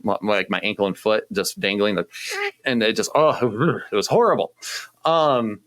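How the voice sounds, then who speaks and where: A young man, a youth pastor, casually telling a personal story with animated, self-deprecating humor and acted-out quotes. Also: fairly low pitch, moderate pace, dry recording. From Indiana, US. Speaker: youth pastor, podcast co-host.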